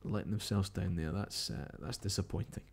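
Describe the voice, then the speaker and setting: A man's voice: sits low, brisk, gravelly, breathy edge. A Scottish man hosting live overnight results coverage, chatting casually and reading out updates and messages. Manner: chatty, musing, reads out tweets and updates. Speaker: radio-style live broadcast host.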